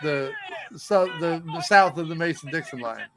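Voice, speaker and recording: A middle-aged man co-hosting a casual movie watch-along, joking in an animated, sardonic way. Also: fairly high pitch, moderate pace, background noise. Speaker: co-host.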